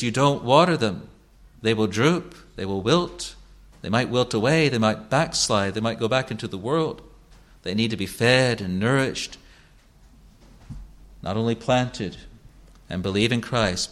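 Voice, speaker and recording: A man preaching a sermon to his congregation as their pastor, speaking in an earnest, measured way and repeating phrases for emphasis. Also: medium pitch, fairly bright tone.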